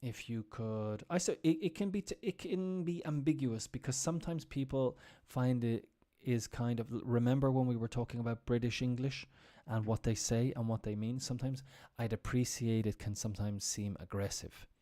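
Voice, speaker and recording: A man teaching English on a live stream, talking through example phrases in a relaxed, explaining way. His voice is mellow and rather dark, at an ordinary pitch. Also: moderate pace. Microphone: computer mic on a live stream.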